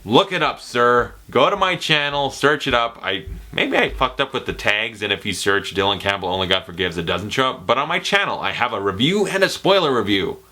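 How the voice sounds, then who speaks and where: A man's voice: medium pitch, brisk, hardly any pauses. A young man from Canada answering viewer questions in a casual vlog, joking and slipping into movie-quote impressions. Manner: animated, jokey, slips into movie-quote impressions.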